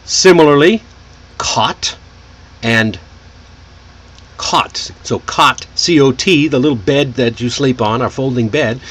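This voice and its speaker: An American man teaching English pronunciation, slowly explaining and demonstrating example phrases. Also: mid-range voice, a bit bright, slightly rough. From United States. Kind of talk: pronunciation lesson.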